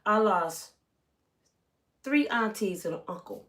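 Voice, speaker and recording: A middle-aged woman vlogging a personal story to her viewers, animated, swinging from loud to hushed and acting out the people she quotes. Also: on the low side, moderate pace.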